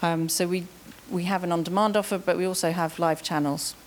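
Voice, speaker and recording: A woman's voice: lowish voice, fairly even intonation, brisk. A woman, a TV executive, giving a presentation on a conference panel, friendly and full of ums.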